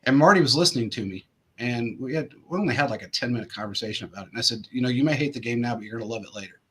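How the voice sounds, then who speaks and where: Husky, bright-voiced male host spinning yarns. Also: mid-range voice, racing. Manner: rambling anecdotes full of restarts and fillers. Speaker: show host. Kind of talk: casual storytelling chat.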